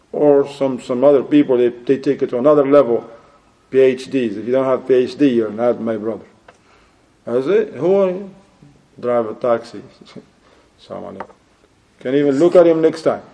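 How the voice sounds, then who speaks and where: This Islamic preacher's mellow, medium-pitched voice carries a religious lecture in which he exhorts listeners, posing rhetorical questions and using Arabic religious phrases.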